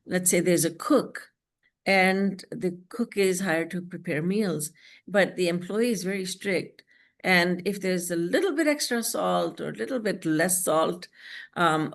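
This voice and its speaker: Speaking low and with some creak, a woman spiritual teacher gives an earnest, story-driven devotional lecture on a video call. She takes her time when reciting lines of scripture.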